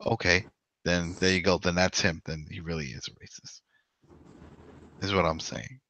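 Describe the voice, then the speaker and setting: A man co-hosting a podcast in casual discussion, rambling and animated, with frequent "you know". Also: sits low, moderate pace, no room sound. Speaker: podcast co-host. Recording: dull lo-fi dry sound.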